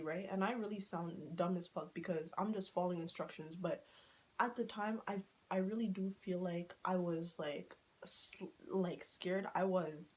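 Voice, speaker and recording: A woman vlogger telling a dramatic personal story in a casual, animated storytime chat, swearing freely and acting out what people said. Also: medium pitch, slight background noise, low-quality recording.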